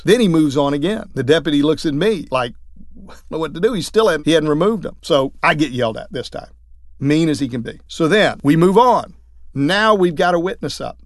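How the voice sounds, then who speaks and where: A man, a trial lawyer, telling courtroom stories in a lively way, acting out what others said. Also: fairly high pitch, no room sound, clean studio sound. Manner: lively, acts out quoted voices. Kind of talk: anecdotal storytelling talk.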